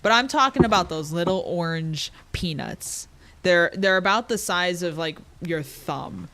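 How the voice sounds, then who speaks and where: Blunt streamer with a bright, forceful voice, swears freely and talks to chat. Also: mid-range voice, unhurried. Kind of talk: casual gaming stream chat.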